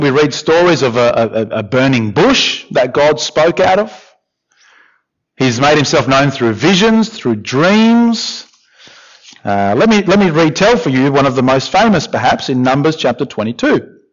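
A man preaching a sermon, expressive, with questions and repeated emphatic lines. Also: a little high, moderate pace. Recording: dull lo-fi recording.

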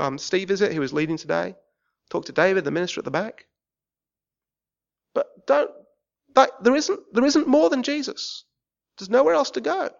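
Englishman preaching with lively swings. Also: high-pitched, vocal fry, highs cut off. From England. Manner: swings from shouting rants to quiet pleading. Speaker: visiting preacher. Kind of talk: sermon. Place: church.

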